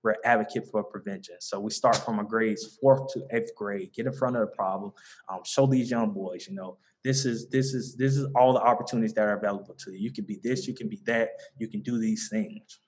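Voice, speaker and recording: A man's voice: on the low side, fairly even intonation, fairly quick. A man with a Southern American accent who runs a mentoring group, answering interview questions in an earnest, loose way with many ums and restarts. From Southern United States. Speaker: founder of a mentoring organization.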